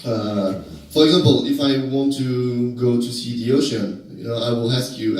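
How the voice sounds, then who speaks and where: A man from France with a French accent performing a stand-up comedy set in a deadpan, halting way with many fillers. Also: medium pitch, a little hiss or hum. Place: comedy club stage. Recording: echoey club, distant mic, crowd laughter.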